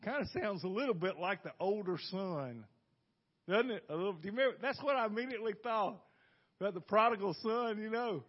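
A man preaching a conversational sermon, folksy and quick to toss rhetorical questions to the room. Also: sits high, lively intonation, highs cut off. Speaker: pastor.

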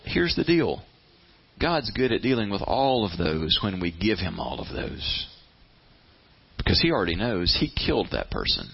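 A man's voice: medium pitch, vocal fry, slightly rough. A man preaching a conversational sermon in a plain-spoken way, often repeating words as he goes and acting out people's inner voices. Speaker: pastor. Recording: slightly muffled, lo-fi.

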